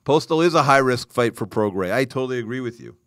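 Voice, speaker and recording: Animated man hosting live boxing talk. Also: mid-range voice, fast talker, dry recording, clean studio sound. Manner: animated, joking, reacting to live chat. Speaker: host. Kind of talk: live boxing news chat.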